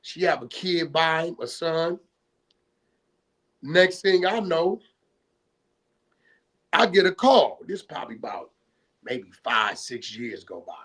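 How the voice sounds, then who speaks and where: A man's voice: a little high, big pitch swings, slow, pauses often, a bit bright, slightly rough. A man from California retelling a story in casual streetwise slang, often checking in with "right?" and acting out both sides of old phone calls. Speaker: guest.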